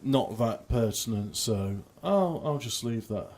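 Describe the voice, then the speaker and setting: A man streams his gameplay with wandering, self-deprecating remarks, frequently restarting and letting thoughts trail off. His lowish voice is a little mellow and a little slow.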